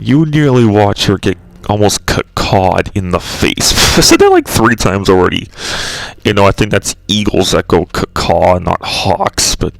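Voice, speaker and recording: Low creaky-voiced man ranting casually. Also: no echo, low-quality recording. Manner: rambling, profane, exasperated ranting. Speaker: channel host. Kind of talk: casual rambling video commentary.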